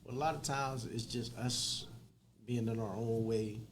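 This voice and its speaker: A man's voice: medium pitch, steady tone, unhurried, a little hiss or hum. A man as a podcast guest, talking casually and encouragingly, often answering with short agreement. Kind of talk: casual conversation.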